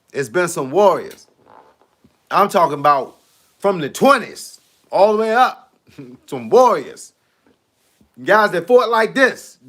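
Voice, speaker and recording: Man, high voice, bright tone, fitness coach, casual live stream chat, slangy, laughs a lot, phone mic. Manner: animated, laughs often, slangy.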